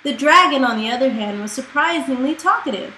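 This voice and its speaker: A woman reading a children's picture book aloud in a slow, expressive storytelling manner, in an echoey room. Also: sits high. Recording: echoey room with faint noise.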